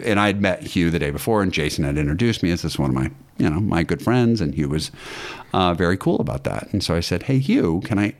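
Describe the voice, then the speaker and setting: A man, an actor and acting teacher, telling an anecdote in casual podcast talk, with ums and restarts. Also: deep voice.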